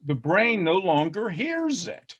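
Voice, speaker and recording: Folksy Southern man, higher-pitched. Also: very animated, slow, lo-fi sound. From American South. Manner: folksy, self-deprecating, laughs often. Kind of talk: rambling casual discussion.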